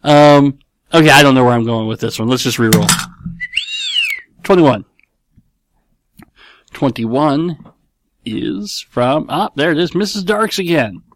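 At home with his kids nearby, a middle-aged man hosts a casual podcast, fielding listener questions in a rambling, playful way and often correcting himself mid-sentence. His mid-range voice has lively intonation and a measured pace broken by long pauses.

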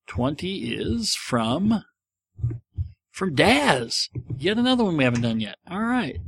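A man's voice: a little high, big pitch swings, slow pace, creaky, breathy edge, no echo. A middle-aged man hosting a casual podcast, answering listener questions in a rambling, self-mocking way. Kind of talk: casual chat.

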